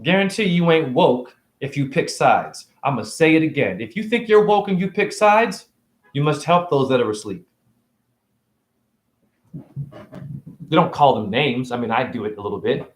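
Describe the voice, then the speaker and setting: A man giving a provocative, preachy spiritual rant on his own vlog, swinging between loud outbursts and soft asides. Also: mid-range voice, animated, a little slow, long pauses. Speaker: self-styled spiritual teacher. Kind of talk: ranting vlog monologue. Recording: roomy echo.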